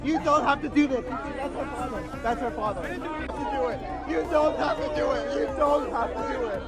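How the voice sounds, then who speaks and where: High-voiced man pleading amid a crowd. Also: fairly quick. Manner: urgent, repetitive pleading. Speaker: protester. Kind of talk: pleading with officers at a raid. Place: outdoors in a city street. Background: loud crowd and music.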